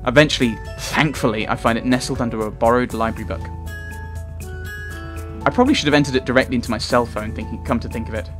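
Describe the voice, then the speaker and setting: A man reading a visual novel aloud as a let's player, chatty and quick to laugh at his own slips. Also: mid-range voice, steady tone, music in the background.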